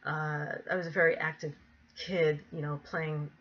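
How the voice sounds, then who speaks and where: A woman with a low voice tells a personal story straight to camera. She rambles, circles back with ums and asides, and laughs easily along the way. The recording sounds a little dull and lo-fi. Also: level tone, normal speed, fairly bright tone.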